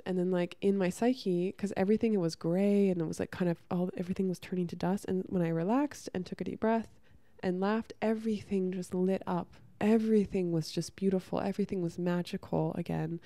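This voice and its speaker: A woman's voice: medium pitch, steady tone, brisk, mellow, dry recording. A woman speaking to camera in a candid personal monologue, earnest and rambling, full of fillers. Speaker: spiritual content creator.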